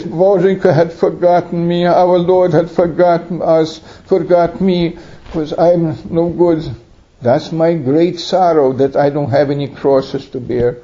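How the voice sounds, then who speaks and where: A man putting on a plaintive old peasant woman. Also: mellow. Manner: lamenting, plaintive high voice. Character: grieving old peasant woman, pious and humble. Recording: dull lo-fi recording.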